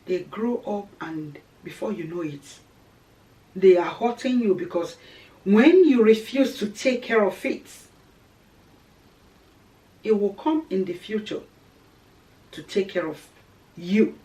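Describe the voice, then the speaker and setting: A woman's voice: mid-range voice, lively intonation, slow pace, pauses often, mellow, far from the mic, rough recording. Earnest woman preaching marriage advice. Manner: earnest and exhorting, repeats key phrases. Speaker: Christian teacher on marriage.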